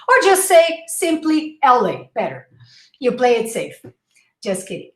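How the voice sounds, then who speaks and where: A woman whose first language is Portuguese, teaching English pronunciation in a live online class and slowly repeating each word for her students. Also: high-pitched, sing-song, fairly bright tone. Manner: drills words slowly and repeats them. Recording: echoey room.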